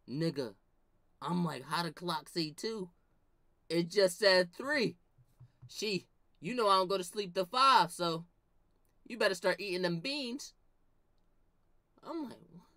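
A young woman tells a funny story, her voice swinging between low mutters and shouted outbursts as she acts out the lines she quotes. The recording is dry.

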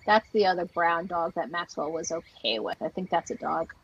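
A woman's voice: on the low side, lively intonation, moderate pace, slightly rough. A woman dog trainer teaching online, chatty and enthusiastic, acting out the dogs as she explains. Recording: dull lo-fi audio.

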